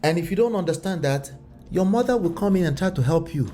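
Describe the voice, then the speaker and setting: A man commenting on a relationship video, animated and full of rhetorical questions. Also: high-pitched, brisk. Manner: animated, rhetorical questions, slips into acted voices. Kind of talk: reaction commentary.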